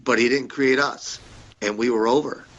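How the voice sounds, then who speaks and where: A man's voice: medium pitch, steady tone, normal speed, a bit bright, muffled recording. A man guest on a podcast, rambling through stories in a casual, profane way and repeating himself. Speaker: podcast guest, former wrestler. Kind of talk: casual storytelling interview.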